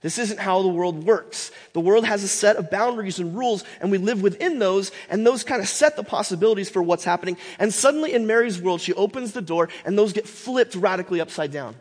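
A man with a high voice teaches a Bible lesson in a classroom manner. He is animated and emphatic, full of "uh"s and quick restarts. His voice carries a long reverb, as if recorded in a hall.

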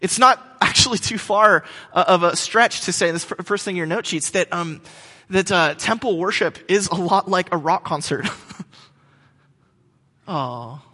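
In a church hall full of long reverb, a thirty-something pastor preaches with a high, bright voice that moves a little slowly and carries a forceful tone. His sermon is packed with jokes, stories, fillers and restarts.

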